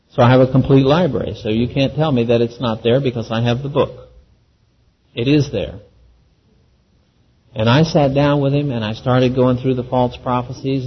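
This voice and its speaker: Folksy man, husky and a bit high, earnest testimony storyteller, dull lo-fi recording. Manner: earnest, folksy, acts out the quoted voices. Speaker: Christian speaker giving a testimony.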